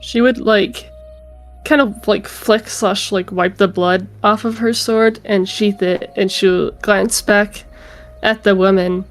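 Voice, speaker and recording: A woman's voice: medium pitch, steady tone, slow pace, faint music behind. A woman playing a tabletop game, talking hesitantly with lots of fillers. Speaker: player. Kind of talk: casual tabletop play.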